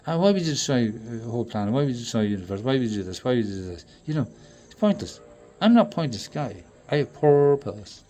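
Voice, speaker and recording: A man in a rambling, profane monologue that swings between loud outbursts and low mutters. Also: animated, very fast, hardly any pauses, a little hiss or hum.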